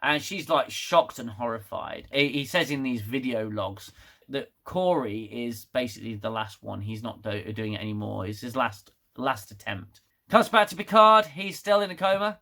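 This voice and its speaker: Bright, sarcastic male reviewer. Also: medium pitch, expressive, moderate pace, vocal fry. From United Kingdom. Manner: sarcastic, exasperated, laughs loudly. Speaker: TV show reviewer. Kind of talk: casual review rant.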